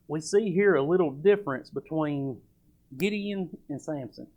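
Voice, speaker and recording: A man's voice: a little high, measured pace, a little mellow. A man preaching a sermon at a church service. He talks in a folksy, emphatic way and reads old scripture aloud. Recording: dull lo-fi church recording.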